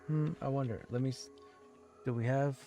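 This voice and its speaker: A man's voice: medium pitch, fairly even intonation, normal speed, warm tone, faint music behind. A man streaming a game, chatting casually and musing aloud while reading chat questions.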